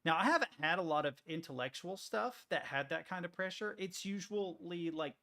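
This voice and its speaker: A male streamer with a slightly high, gravelly voice, chatting casually as he works. He rambles, restarts his sentences often and swears freely. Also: animated, normal speed, bright, forceful tone. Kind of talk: casual rambling chat while working on stream.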